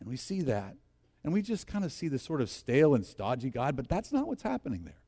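A man preaching a sermon in an animated way, reading scripture with laughter and leading the congregation in repeating lines. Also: mid-range voice, a little fast. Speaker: pastor.

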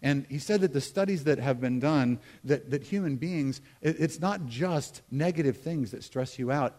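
A man's voice: medium pitch, normal speed, few pauses, darkish tone. American man preaching a conversational sermon. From United States. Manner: conversational, humorous preaching with asides to the congregation. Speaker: pastor. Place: church sanctuary.

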